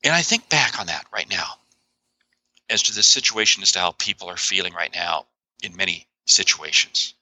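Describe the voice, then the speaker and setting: A man talking as a guest author in a podcast interview, animated and emphatic, with frequent exclamations. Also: sits low, normal speed, rough recording.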